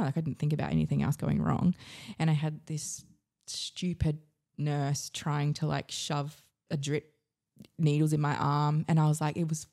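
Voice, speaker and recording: Low-voiced Australian woman telling her story. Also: moderate pace, warm tone. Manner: frank, rambling, swears freely, many "like" fillers. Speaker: podcast guest. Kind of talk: candid personal storytelling.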